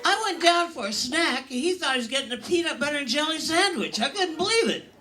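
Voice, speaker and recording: A woman's voice: high-pitched, lively intonation, a little fast, crowd noise. An older woman performing a stand-up comedy routine on a comedy club stage, telling bawdy, self-mocking stories in a brash way.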